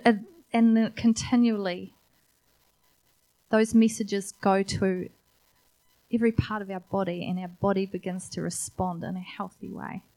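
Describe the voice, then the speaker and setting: A woman's voice: medium pitch, a little mellow. A woman preacher giving an earnest, encouraging sermon and asking rhetorical questions.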